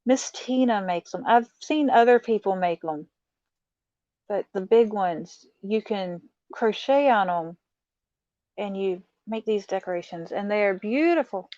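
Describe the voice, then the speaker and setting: A middle-aged woman hosts a casual live stream, showing off her craft haul, chatting with viewers and laughing often. Her mid-range voice is unhurried and dark-toned, and the dry recording has a dull, muffled lo-fi quality.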